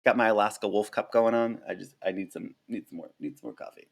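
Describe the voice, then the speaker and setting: A man with a somewhat low voice talks casually on a live stream, animated and full of fillers and restarts. He sits right up on a desk microphone at home. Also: fast, gravelly. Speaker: flight attendant streamer. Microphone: close desk mic.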